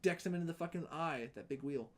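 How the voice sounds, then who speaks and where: A man's voice: on the high side, fast talker. Swearing, rambling man co-host. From United States. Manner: swears a lot, rambling and animated. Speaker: podcast co-host. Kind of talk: casual chat.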